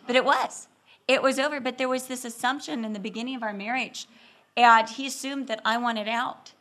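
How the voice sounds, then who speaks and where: Animated woman telling stories from the pulpit. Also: on the high side, a little fast. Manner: animated, self-deprecating, laughs often, acts out stories. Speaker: pastor's wife and speaker. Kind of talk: sermon-style storytelling about marriage.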